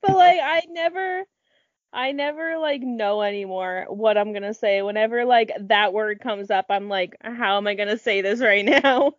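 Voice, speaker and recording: A woman's voice: mid-range voice, steady tone, normal speed, hardly any pauses, dry recording, dull audio. A young adult woman in casual podcast chat, telling stories with frequent "like" fillers. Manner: storytelling, filler-heavy with frequent "like".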